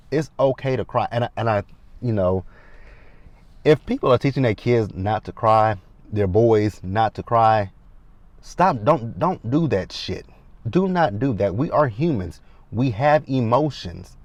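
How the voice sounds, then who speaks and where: A man's voice: lowish voice, a little mellow, no room sound. A man in his thirties giving a casual, candid recap of a reality show, emphatic and repeating lines for stress.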